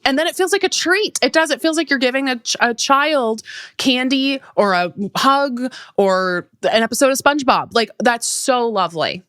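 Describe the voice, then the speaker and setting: A woman's voice: high voice, animated, normal speed, a bit bright, no room sound, studio quality. A woman hosting a podcast interview who tells personal stories candidly and with animation, swearing casually. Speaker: podcast host. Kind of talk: conversational interview.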